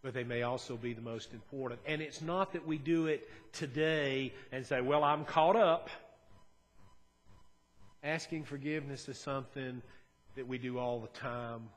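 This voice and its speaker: A man preaching a sermon as a pastor, talking in an earnest, conversational way and moving between quiet and emphatic moments. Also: medium pitch, steady tone, normal speed.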